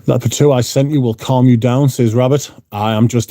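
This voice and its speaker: A man's voice: medium pitch, fairly even intonation, moderate pace, dark tone, dry recording. A man hosting a livestream, chatting casually, reading out viewer comments, and swearing bluntly. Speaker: livestream host. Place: room at home.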